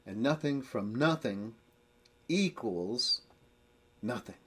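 Guy doing bible teaching, husky voice, slow careful explaining that climbs into emphatic points. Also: medium pitch, expressive. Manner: explains slowly, then builds to emphatic rising points.

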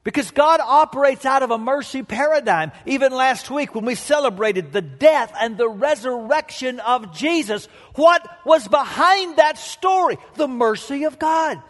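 A male pastor preaching a sermon with emphatic delivery and dramatic pauses, telling stories to the congregation. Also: very high-pitched, expressive, fairly bright tone, big-room sound.

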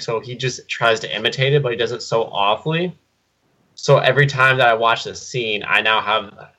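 A man co-hosting a casual movie podcast, telling an anecdote in animated bursts. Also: fairly low pitch. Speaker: podcast co-host. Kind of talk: casual chat about movies.

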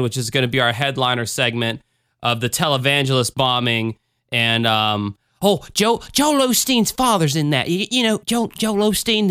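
A man's voice: mid-range voice, bright, forceful tone, clean tone, dry recording, studio quality. A man hosting a podcast in casual chat, rambling and sarcastic, with profane jokes. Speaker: podcast host.

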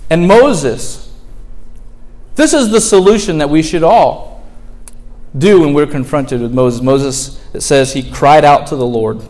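With a fairly high but darkish voice, a male pastor preaches unhurriedly and earnestly, putting rhetorical questions to the congregation and acting out complaining prayers.

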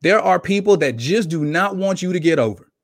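Animated man telling a story, dry sound. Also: high voice, brisk, dry recording. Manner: animated storyteller acting out characters. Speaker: podcast co-host. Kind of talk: casual chat, telling a joke story.

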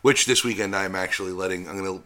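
A man's voice: low voice, fairly even intonation, fast, sharp tone. A man co-hosting a podcast, telling stories in a laid-back way and swearing often. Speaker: podcast co-host. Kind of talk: casual chat.

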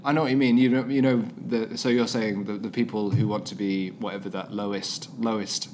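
A man's voice: on the low side, fairly even intonation, a little fast, darkish tone, a little hiss or hum. A man from England co-hosting a podcast in casual chat, joking and trailing off mid-sentence. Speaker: podcast co-host.

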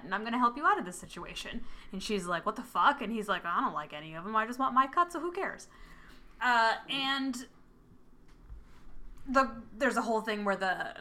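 Bright-voiced woman recapping a film. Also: mid-range voice. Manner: animated, acts out characters' lines while retelling. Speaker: podcast co-host. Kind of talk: casual film recap chat. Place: home with a cat nearby.

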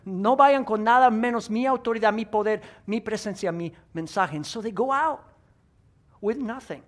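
High-voiced lively pastor preaching. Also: male voice, moderate pace. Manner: animated, leads the congregation in sound effects; repeats each point in a second language. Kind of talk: bilingual sermon. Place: church sanctuary.

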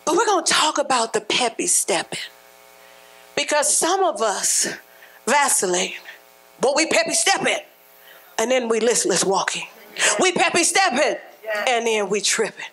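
Woman preacher, high-pitched, colloquial, punchy sermon delivery that swells to shouting. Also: very animated, moderate pace, long pauses, husky, low-quality recording. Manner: emphatic, rising to shouts, colloquial and conversational.

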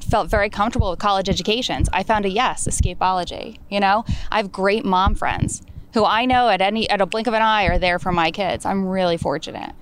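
A woman who owns an escape room business, talking enthusiastically on a live panel on an outdoor deck, quick to laugh. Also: medium pitch, a little hiss or hum. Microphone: panel mic.

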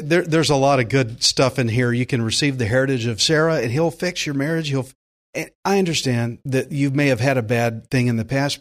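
A middle-aged male pastor giving a folksy radio sermon, telling a story and reading scripture slowly. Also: mid-range voice.

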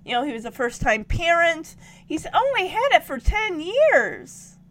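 A woman telling stories casually to camera, animated and emotional, breaking into laughs and sighs. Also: extremely high pitch, a little slow. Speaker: vlogger.

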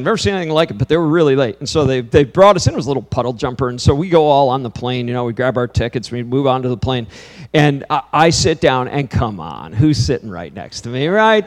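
A man in his fifties, a pastor preaching to a congregation, telling a lively story, then turning quiet and earnest. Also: a little high, brisk, few pauses. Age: 50s. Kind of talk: sermon with storytelling. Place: church before a congregation.

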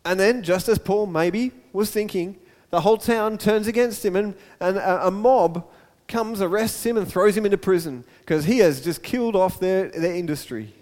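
Male preacher, high voice, animated storytelling, echoey hall. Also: moderate pace, hardly any pauses. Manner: storytelling, animated, repeats words. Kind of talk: sermon.

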